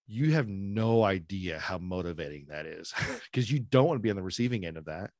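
A middle-aged man co-hosting a podcast, animated and opinionated in casual chat. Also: deep voice, normal speed, dry recording, clean studio sound. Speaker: podcast co-host.

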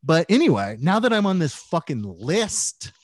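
A man's voice: a little high, big pitch swings, normal speed, dry recording, studio quality. A man on a podcast telling a story in casual chat, rambling and profane with a self-mocking edge. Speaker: podcast co-host.

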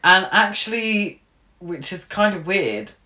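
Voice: mid-range voice, sing-song, slow, bright, forceful tone. Wry co-host chatting in an echoey room. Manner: wry, sarcastic asides. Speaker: podcast co-host. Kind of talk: casual film recap chat.

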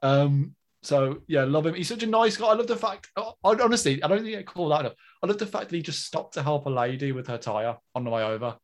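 A man co-hosting a podcast in casual chat, animated, with frequent fillers and restarts. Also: fairly high pitch, fast, hardly any pauses. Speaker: podcast co-host.

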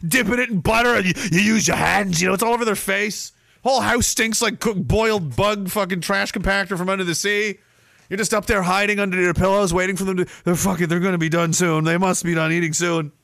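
A man hosting a podcast works through the chat in a profane, comic rant, regularly shifting into mocking, put-on voices. High-pitched and creaky, he speaks a little fast with a steady, fairly bright tone, in clean studio sound with no room sound.

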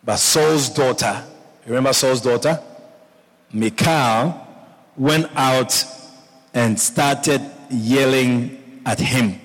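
A man's voice: mid-range voice, extremely slow, long pauses, in a large hall. A male pastor preaching a sermon, repeating phrases and often checking in with his congregation. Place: church.

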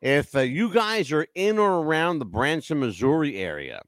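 Casting: lively, higher-pitched male co-host, jokey and loud, dry close mic. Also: normal speed, dry recording. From United States. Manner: animated, joking, loud laughs. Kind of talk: casual roundtable chat.

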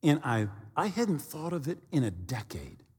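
Male pastor, husky voice with lively pitch swings, animated sermon storyteller, long hall reverb. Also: normal speed. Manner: animated storyteller, acts out sounds and dialogue.

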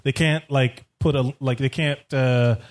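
A man hosting a comedy podcast, telling stories in a rambling, animated way and swearing freely. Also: mid-range voice, measured pace. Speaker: podcast host. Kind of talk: casual comedic storytelling.

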